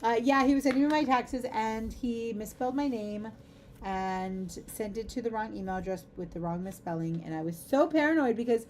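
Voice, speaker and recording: A middle-aged woman chats her way through a crafting livestream in a warm, mellow voice. She rambles easily from one aside to the next and giggles often. A faint hiss of noise sits behind her. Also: fairly high pitch, moderate pace. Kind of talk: casual chat while crafting.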